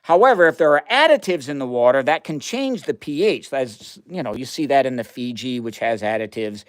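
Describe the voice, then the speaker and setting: A livestream science host from the United States chats casually with viewers as he runs chemistry experiments, laughing often throughout the demo. He speaks fairly quickly in an expressive, mid-range voice.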